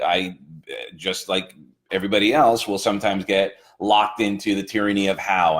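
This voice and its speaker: A man co-hosting a casual motivational chat as a coach, talking with rising emphasis. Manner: animated, builds emphasis with rising pitch. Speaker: co-host, coach.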